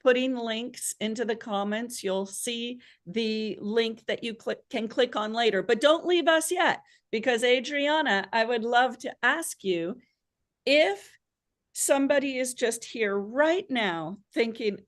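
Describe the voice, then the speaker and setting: A woman's voice: fairly high pitch, unhurried. An American woman hosting a live online class, upbeat and encouraging, playfully drawing out her guest. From United States. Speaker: host.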